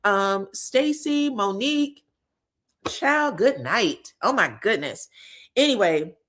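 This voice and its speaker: A woman's voice: medium pitch, slow pace. A woman hosting a reality TV recap, talking casually and sassily, laughing often and acting out what the cast said. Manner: animated and sassy, laughs a lot, acts out quotes.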